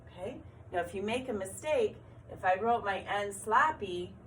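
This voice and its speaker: A woman's voice: medium pitch, animated, a little hiss or hum. Patient woman teaching young children. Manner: slow, clear, encouraging teacher talk. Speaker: kindergarten teacher. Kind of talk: recorded video lesson for young children.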